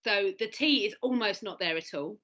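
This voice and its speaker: A woman from London with a London accent talks on a podcast recorded over a video call. Her voice sounds bright and sharp, and her pitch swings widely as she animatedly acts out the sounds she explains. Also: expressive, moderate pace, lo-fi sound. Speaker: guest. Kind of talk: casual podcast chat.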